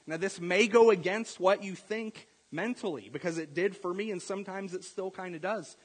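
A man preaching a sermon in a conversational storytelling way, often checking in with the congregation with a quick "right?". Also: high-pitched, breathy edge, long reverb tail, poor audio. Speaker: pastor.

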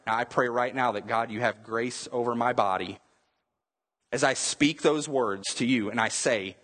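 A man's voice: medium pitch, moderate pace, fairly bright tone, big-room sound. A man preaching a sermon as pastor, emphatic and repetitive, often restarting his phrases.

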